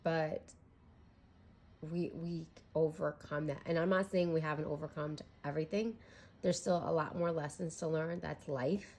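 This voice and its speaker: Candid lower-voiced woman reading tarot. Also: steady tone, normal speed, a little mellow, slight background noise. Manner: candid and chatty, swears and laughs often. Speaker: tarot reader. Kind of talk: casual tarot reading monologue.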